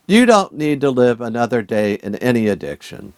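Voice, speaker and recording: A man's voice: medium pitch, sing-song, moderate pace, no echo. A man teaching a Bible study as a sermon, earnest and urging, asking his listeners many rhetorical questions.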